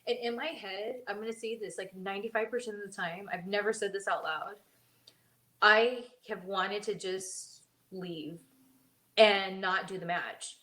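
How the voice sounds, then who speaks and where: A woman's voice: mid-range voice, steady tone, measured pace, pushed and bright, reverberant, poor audio. Chatty woman podcast co-host. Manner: chatty, laughing storyteller. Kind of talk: casual chat.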